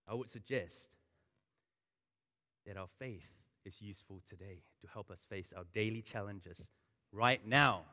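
A man's voice: on the low side, sharp tone. A man preaching a sermon, impassioned and repeating phrases for emphasis. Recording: long reverb of a large hall.

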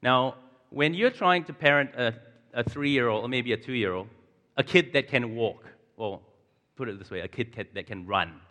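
Bright-voiced New man preaching. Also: medium pitch, moderate pace. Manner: chatty, audience questions, frequent chuckles. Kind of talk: conversational sermon. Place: large church hall. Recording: long hall reverb.

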